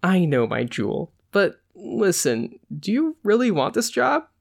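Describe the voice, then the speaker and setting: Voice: medium pitch, huge pitch swings, measured pace, gravelly, voice pushed up, exaggerated voice. A podcast host reading a story aloud, voicing a young male musician in a dry, teasing tone close to their own voice.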